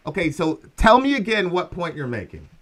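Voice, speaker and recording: A middle-aged man on a call-in line keeps a level, insistent tone, questioning the host point by point. His voice sits a little higher than most men's. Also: fairly quick. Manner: calm, insistent, probing questions. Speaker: caller. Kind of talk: call-in debate.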